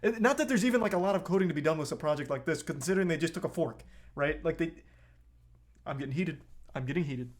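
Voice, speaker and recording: A man's voice: fairly high pitch, racing. Blunt, profane man reacting on stream. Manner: blunt, profane, gets heated. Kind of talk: casual live reaction commentary.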